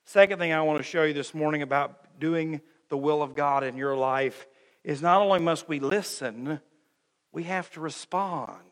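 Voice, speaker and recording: High-voiced preacher in a reverberant church. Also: male voice, moderate pace. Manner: animated preaching with acted-out quotes and humor; calls the congregation "friends". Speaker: pastor. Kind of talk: sermon. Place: church sanctuary.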